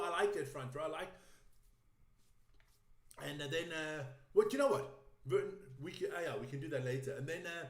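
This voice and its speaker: High-voiced, brash man. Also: roomy sound. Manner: brash, teasing, swears freely. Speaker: podcast co-host. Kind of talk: casual chat.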